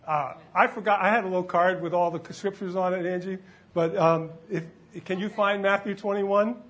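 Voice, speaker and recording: High-voiced man preaching a sermon. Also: fairly even intonation, moderate pace. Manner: loud exuberant praise shouts, then conversational preaching. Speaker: pastor. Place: church.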